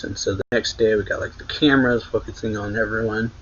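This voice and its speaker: A man's voice: fairly low pitch, fairly even intonation, fast talker, fairly bright tone, lo-fi sound, slight background noise. A man casually recapping a story in a loose, rambling way, often correcting himself. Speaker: manga reaction host.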